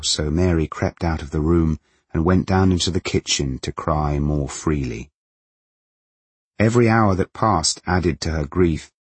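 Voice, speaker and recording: A man narrating a novel in a measured, even manner. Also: deep voice, husky, dry recording. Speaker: audiobook narrator.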